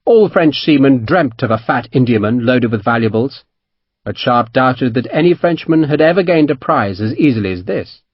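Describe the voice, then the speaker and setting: A man narrating an audiobook, with an animated, expressive delivery that moves freely up and down. The recording is dry and close, with a somewhat dull, muffled top end. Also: mid-range voice, moderate pace, breathy edge, no room sound. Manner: expressive storytelling. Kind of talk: scripted narration.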